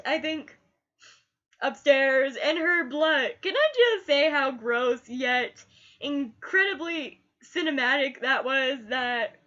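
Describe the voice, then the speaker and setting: Slow bright high-voiced woman. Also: lo-fi sound. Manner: gushing, repeats last words like an echo. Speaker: TV reviewer. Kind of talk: casual spoken review.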